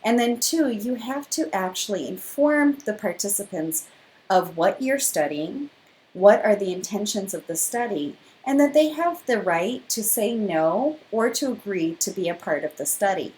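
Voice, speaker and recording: A woman's voice: medium pitch, animated, measured pace, a little mellow, low-quality recording. A woman giving a classroom lecture, explaining step by step and acting out example questions. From not from Liberia.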